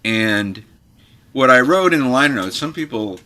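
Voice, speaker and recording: A man's voice: mid-range voice, moderate pace. A man, a guitar magazine editor, telling stories in a casual chat and acting out the people he quotes. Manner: animated storyteller who acts out the people he quotes.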